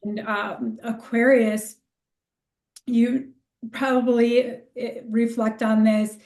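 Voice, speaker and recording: Reflective woman astrologer, fairly high voice, roomy echoey sound. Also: little pitch movement, slow, a little mellow. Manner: reflective, explanatory, laughs easily. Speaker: astrologer co-host. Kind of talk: casual podcast chat.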